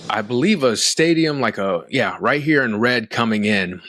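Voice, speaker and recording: A man hosting a casual interview podcast, talking in a relaxed way while he goes through a video with his guest. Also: mid-range voice, moderate pace, no room sound, clean studio sound. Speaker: podcast host.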